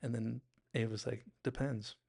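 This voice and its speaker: A man's voice: medium pitch, little pitch movement, moderate pace, vocal fry, a little mellow. A young man casually retelling and analysing a TV episode, rambling with fillers and restarts. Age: young adult. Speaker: show recap host.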